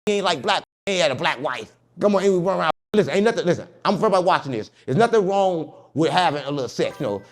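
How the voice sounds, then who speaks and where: This interview guest has a higher-leaning male voice and talks rapid-fire with few pauses. His casual storytelling is animated and full of jokes, and he imitates the people in the tale.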